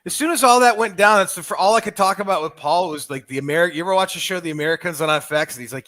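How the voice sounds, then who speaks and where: A fast-talking man with a bright voice, rambling loosely and swearing freely as he tells stories. His voice is a little high and sits close and dry on the mic. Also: dry recording. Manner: rambling, profane storyteller. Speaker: podcast co-host. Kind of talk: casual chat.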